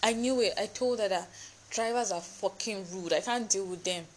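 A woman's voice: mid-range voice, moderate pace, heavy background noise. Stammering, ranting Nigerian young woman. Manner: frustrated, cursing, stammering over words. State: exhausted and cold. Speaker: vlogger. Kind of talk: casual rant to camera.

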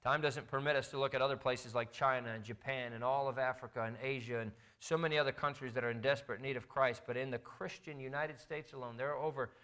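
A man's voice: medium pitch, steady tone, fast, few pauses, pushed and bright, smooth. A middle-aged man preaching a sermon in a fervent, emphatic style. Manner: impassioned, building to fervent emphasis. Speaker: pastor.

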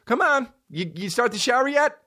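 A man's voice: extremely high pitch, animated, normal speed, bright, forceful tone, voice pushed up, full character voice. A man voicing his mother as she nags him every morning to get up for school, in a raised, insistent voice. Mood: nagging. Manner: nagging, insistent. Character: nagging mom waking her son for school.

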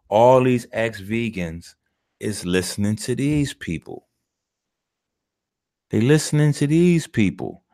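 A man's voice: mid-range voice, big pitch swings, a little slow, darkish tone. A man hosting a video, giving casual commentary on clips in an emphatic, slangy, profane way and repeating his phrases for effect. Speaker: video host.

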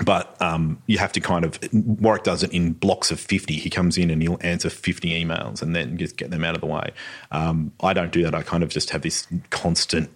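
A man's voice: sits low, fairly even intonation, a little fast, slightly rough. An Australian man co-hosting a casual podcast, telling stories with lots of hesitations and restarts. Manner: rambling, many fillers and restarts. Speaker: podcast co-host, architect. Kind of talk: casual chat.

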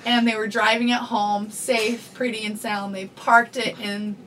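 A middle-aged woman talks casually as a podcast guest, and she laughs a lot. Her voice sits fairly high and she is a little off-mic. A faint hiss of background noise runs under the whole recording. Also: little pitch movement, unhurried, fairly bright tone, recorded from a distance. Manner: laughs often, tells a story acting out voices. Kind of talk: casual chat.

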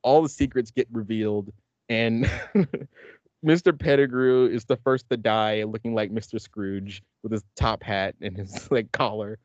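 A man's voice: on the low side, steady tone, measured pace, darkish tone, no room sound, highs cut off. A man hosting a podcast in casual chat, rambling and laughing often as he talks. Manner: rambling, laughs often, acts out movie lines. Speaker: podcast host.

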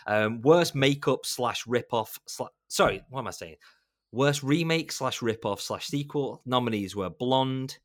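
A man's voice: mid-range voice, animated, unhurried, no echo, studio quality. A man co-hosting a film podcast, reading out award nominees with wry asides and chuckles. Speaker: podcast co-host. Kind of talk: casual film chat.

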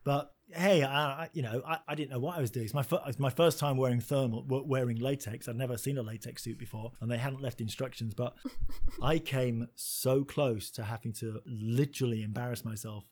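Man telling a lively, self-mocking story. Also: mid-range voice, fairly quick. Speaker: actor guest. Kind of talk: animated storytelling in a casual interview.

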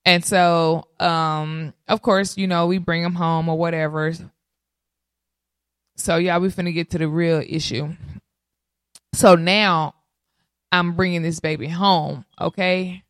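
A woman, casually telling viewers her birth story in an animated way, often calling out to them. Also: fairly low pitch, slow pace, long pauses, no room sound, studio quality. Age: 30s. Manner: animated, addresses audience as y'all. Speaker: mother sharing birth story.

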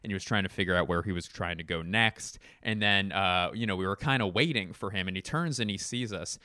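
A man's voice: sits low, brisk, pushed and bright, no room sound, clean studio sound. A man hosting a comedy podcast, telling stories in a casual, rambling way and breaking off mid-sentence, with casual swearing. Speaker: podcast host.

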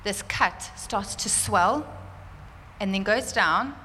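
A woman telling a church congregation a personal testimony, animated and fervent, laughing often. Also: mid-range voice, takes it slowly, slight background noise. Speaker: church speaker sharing a testimony. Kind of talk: sermon testimony. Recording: roomy church hall reverb, faint ambience.

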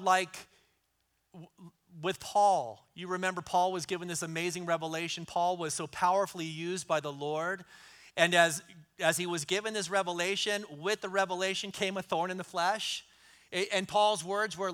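A man's voice: high voice, steady tone, normal speed, a bit bright, clean tone. A middle-aged man preaching a sermon in an earnest way, repeating key lines for emphasis. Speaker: pastor.

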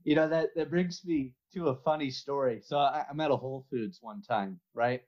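A man's voice: medium pitch, normal speed, darkish tone. Man's chatty voice on a lo-fi line. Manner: laughs often while telling stories. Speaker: podcast guest. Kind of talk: casual interview chat.

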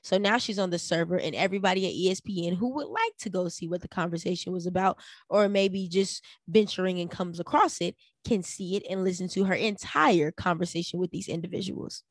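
A young adult woman hosting a solo podcast, giving animated opinion commentary with rhetorical questions aimed straight at her listeners. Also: lowish voice, brisk, dry recording, clean studio sound. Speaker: podcast host.

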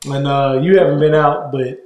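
A man's voice: mid-range voice, steady tone, normal speed, crowd noise. A man co-hosting a casual podcast, laid-back and folksy, laughing often as he talks. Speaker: podcast co-host. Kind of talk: casual chat. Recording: roomy echo.

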